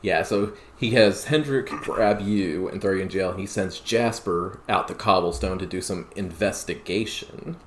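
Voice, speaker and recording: Deep-voiced man recapping, roomy sound. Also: moderate pace, hardly any pauses. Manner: laid-back storytelling with laughs. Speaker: podcast co-host. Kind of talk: casual gaming podcast recap. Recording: roomy with faint noise.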